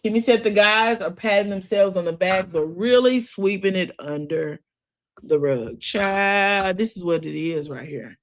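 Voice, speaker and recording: A woman's voice: medium pitch, a little slow. Chatty woman gossiping through a recap. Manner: chatty and expressive, retells scenes with sassy asides; breaks into laughter often. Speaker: reality TV recap vlogger. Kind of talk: casual gossipy recap commentary.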